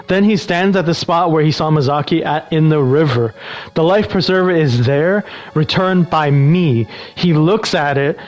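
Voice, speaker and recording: Male streamer with a slightly higher voice, casually narrating a game and answering chat. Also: moderate pace, soft background music, poor audio. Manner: relaxed, breaks off to answer chat. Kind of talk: reading game text aloud between casual chat.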